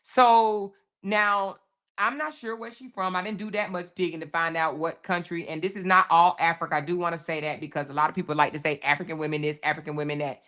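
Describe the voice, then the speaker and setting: A woman's voice: fairly low pitch, steady tone, a little fast, fairly bright tone. A woman hosting a casual commentary show, speaking emphatically, repeating her points and talking straight to her viewers. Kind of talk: casual commentary on a viral video.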